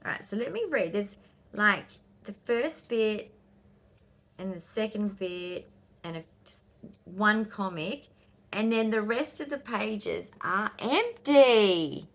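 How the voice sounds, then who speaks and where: A woman in her fifties with an Australian accent, chatting casually in a vlog and telling stories with quick, excitable asides. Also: medium pitch, gravelly. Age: 50s. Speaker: vlogger. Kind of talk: casual chat.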